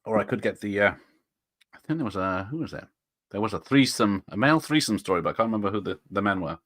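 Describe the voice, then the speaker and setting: A man's voice: lowish voice, animated, fast talker, a bit bright, dry recording, studio quality. A man hosting a casual live stream, rambling and chuckling as he reads out viewers' chat comments.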